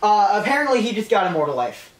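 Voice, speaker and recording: A woman's voice: mid-range voice, fast, a crowd in the background. Woman retelling a story, roomy and distant. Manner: animated, swearing, laughing. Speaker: podcast co-host retelling a novel. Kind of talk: casual storytelling chat. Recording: roomy, off-mic.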